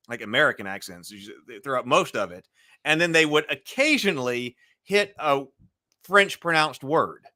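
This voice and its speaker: Male podcast host, bright and forceful tone, rambling delivery with lots of restarts. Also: on the high side. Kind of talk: casual discussion.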